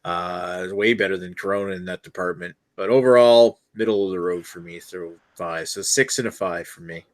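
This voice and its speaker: A man's voice: deep voice, moderate pace, hardly any pauses, no room sound. A man on a beer review panel giving blunt ratings in casual chat, swearing freely.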